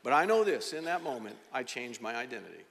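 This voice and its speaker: A middle-aged man preaching, telling a story with animated, dramatic energy. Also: mid-range voice, quick pace, vocal fry, background noise. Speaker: pastor. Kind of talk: sermon storytelling. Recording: long reverb of a large hall.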